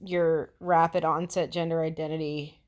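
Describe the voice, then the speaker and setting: A woman's voice: deep voice, little pitch movement, moderate pace, darkish tone. An American woman doing casual commentary, blunt, mocking and full of swearing. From United States. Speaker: commentary vlogger.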